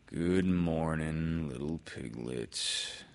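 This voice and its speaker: A man voicing a gloomy old male donkey in a storybook reading, talking in a slow, mournful, drawn-out deadpan. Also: extremely low pitch, gravelly, exaggerated voice.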